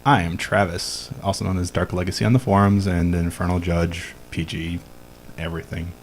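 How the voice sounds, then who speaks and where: A man's voice: low-pitched, little pitch movement, normal speed, slight background noise. A man who is the guest on a casual podcast, joking and then explaining game rules in a laid-back way.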